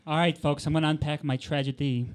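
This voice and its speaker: A man's voice: fairly high pitch, flat delivery, quick pace, natural voice. A man playing an aggrieved, melodramatic uncle in a live improv comedy show. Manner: melodramatic, self-pitying. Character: aggrieved middle-aged uncle, theatrical and petty.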